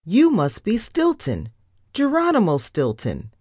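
A woman voicing a crisp, formal and gallant male rat ship captain in a storybook reading. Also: deep voice, big pitch swings, a little slow, darkish tone, dry recording, studio quality.

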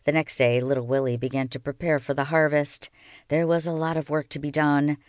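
A woman reading a children's novel aloud with steady, expressive storytelling. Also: low-pitched, a little fast, no room sound, studio quality. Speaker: reader.

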